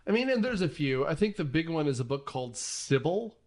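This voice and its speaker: A man's voice: a little high, very animated, a little fast. A man hosting a casual movie podcast, talking enthusiastically with frequent fillers and restarts. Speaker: podcast host.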